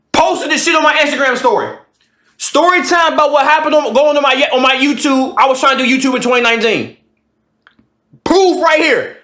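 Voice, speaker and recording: A man's voice: very high voice, moderate pace, pushed and bright, echoey room. A man in his twenties, a streamer telling a profane storytime to his live chat and acting out both sides of an argument. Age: 20s.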